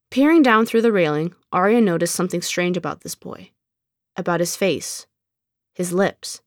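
A woman narrating an audiobook story in a calm, measured storytelling manner. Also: fairly low pitch, vocal fry, no echo, studio quality.

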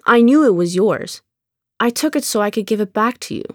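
A woman's voice: fairly high pitch, lively intonation, brisk, no echo, studio quality, voice pushed up. A woman reading aloud and voicing a cheeky, persuasive young neighbor boy who coaxes and teases. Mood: coaxing. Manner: coaxing, pleading, teasing. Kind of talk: audiobook character reading.

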